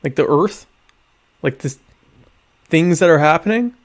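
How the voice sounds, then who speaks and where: In an unhurried, slightly high voice with lively intonation, this young male podcast host reads viewer questions aloud on his casual livestream. He responds with sardonic humor in a mock-pompous style.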